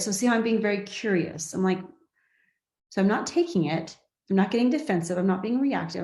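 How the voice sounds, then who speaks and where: A woman coaching a class in an easy, conversational way, often pausing to check that her listeners are following. Her voice sits at a middle pitch. The room around her is noticeably echoey. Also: dark tone. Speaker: life coach.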